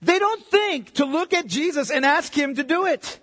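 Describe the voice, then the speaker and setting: A middle-aged man preaching a sermon, conversational and animated, with joking asides. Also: very high-pitched, normal speed. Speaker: pastor. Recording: reverberant hall.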